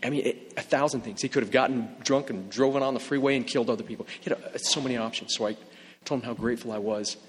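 A man who works as an emergency room nurse, telling a personal story in an earnest, halting way, often repeating words and restarting his sentences. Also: fairly low pitch, fairly bright tone, breathy edge, big-room sound. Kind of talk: personal story told to camera.

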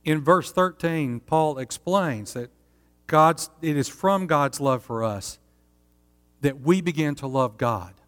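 A man preaching a sermon as pastor, earnest and steady, often asking his listeners rhetorical questions. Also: fairly high pitch, slow pace, big-room sound.

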